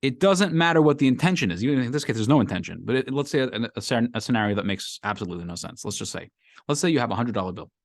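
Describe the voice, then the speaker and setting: A man's voice: mid-range voice, very fast, no room sound. A male rabbi leads a weekly class in a room full of students, talking casually and bringing examples to life. His voice swings up and down expressively. The sound is dry and close. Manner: animated, acts out everyday scenarios for the class. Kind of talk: conversational class lecture. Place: classroom with a live group.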